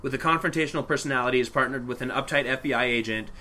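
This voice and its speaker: A man's voice: medium pitch, rapid-fire, sharp tone, a little hiss or hum. A man co-hosting a podcast, chatting casually and rambling about movies, often laughing. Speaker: podcast co-host.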